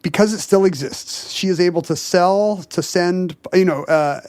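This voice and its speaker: Podcast guy telling a story, kinda high voice, lots of uh and you know, dry close sound. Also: normal speed, a little mellow, no room sound. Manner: chatty storyteller, frequent fillers and restarts. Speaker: podcast co-host. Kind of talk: casual chat, telling a story.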